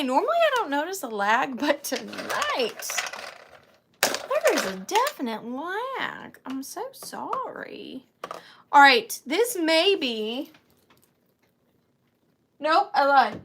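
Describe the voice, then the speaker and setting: A woman's voice: sits high, huge pitch swings, slow, creaky, a bit bright, a little hiss or hum. A woman hosting a live online antiques sale from her home office, chatting with viewers by name and counting down bids. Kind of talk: live-stream auction chat.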